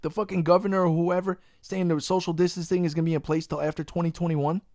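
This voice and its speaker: A young man hosting a podcast, animated and profane, ranting in casual chat. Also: a little high, quick pace, dry recording, clean studio sound. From Long Island, New York. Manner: profane, animated ranting, says "bro" a lot. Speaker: podcast host.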